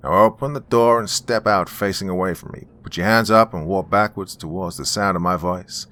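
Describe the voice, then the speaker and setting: A man's voice: sits low, moderate pace, fairly bright tone, slight background noise. A man voicing a stern police officer in a spoken story, giving firm commands. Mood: commanding.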